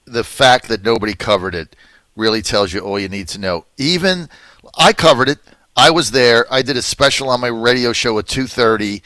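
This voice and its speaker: A man hosting his own radio talk show, animated and emphatic. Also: medium pitch, normal speed, no room sound.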